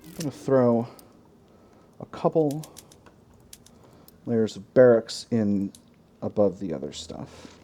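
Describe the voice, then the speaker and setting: A man hosting a let's play, thinking aloud in a relaxed way as he plays a strategy game. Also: medium pitch, slow, pauses often, slight background noise. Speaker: gaming channel host.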